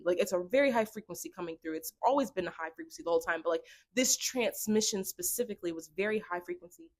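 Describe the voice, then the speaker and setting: A young woman vlogger telling a story to camera in an excitable, rambling way, full of fillers. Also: mid-range voice.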